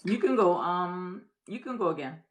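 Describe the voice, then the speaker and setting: A woman's voice: on the low side, expressive, normal speed, background noise. A middle-aged woman co-hosting a live stream, calling out viewers by name and place in a scattered, apologetic way. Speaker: co-host calling out viewers' names. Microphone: phone.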